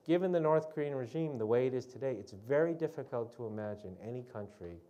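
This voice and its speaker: A man giving an explanatory public talk at a policy forum, measured and recounting events, with frequent "um" and "uh" and "right?" tags. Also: mid-range voice, expressive, mellow. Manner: storytelling recollection of negotiations. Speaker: guest speaker at a policy forum.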